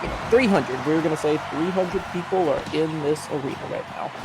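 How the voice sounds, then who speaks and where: Measured, hedging male color commentator. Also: fairly high pitch, noisy background. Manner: measured, hedging, many fillers like "you know" and "I mean". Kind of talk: live wrestling commentary.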